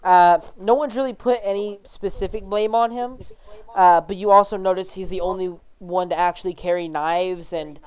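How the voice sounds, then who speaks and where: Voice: mid-range voice, fairly even intonation, moderate pace, a little mellow, clean tone, poor audio. A game master casually narrating a tabletop role-playing session, with frequent fillers as the scene is described.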